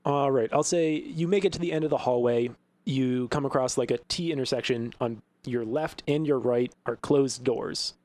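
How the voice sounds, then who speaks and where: A man narrates as game master of a casual tabletop game. His middle-pitched voice sounds close and dry, with little room around it. He tells the scene loosely, with fillers and chuckles. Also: normal speed, darkish tone, no room sound.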